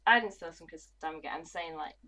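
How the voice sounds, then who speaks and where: A woman's voice: sits low, brisk, sharp tone, low-quality recording. A woman, chatting casually and bluntly on a gaming livestream. She swears freely and mutters to herself as she plays. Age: 20s. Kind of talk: casual livestream chat while playing.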